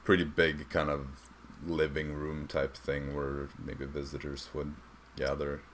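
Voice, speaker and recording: Deep-voiced young man running a tabletop game. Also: completely flat delivery, a bit bright, slight background noise. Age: young adult. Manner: rambling, halting, with many fillers. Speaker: dungeon master.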